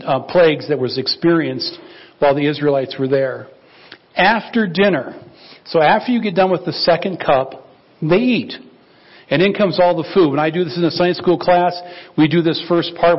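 A male pastor preaching a conversational sermon, lively and acting out dialogue from scripture. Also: fairly high pitch, dull audio. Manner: animated, acts out biblical dialogue in quoted voices.

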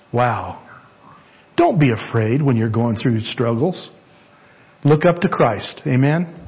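In a church sanctuary, a man preaches an earnest sermon, repeating phrases and asking the congregation for amens. His fairly high voice has a breathy edge, and the highs are cut off.

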